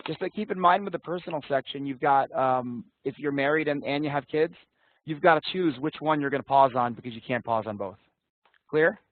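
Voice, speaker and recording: Casting: casual, blunt male instructor, slightly high voice, thin phone-like call audio. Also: a little fast. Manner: casual, blunt, swears, quizzes students. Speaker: interview prep instructor. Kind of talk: online class teaching. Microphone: video call. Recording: tinny dry call audio.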